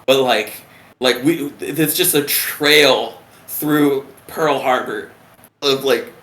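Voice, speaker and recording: A man, a retired submariner, telling a story in a casual, profane and animated way. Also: mid-range voice, takes it slowly. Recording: roomy echo.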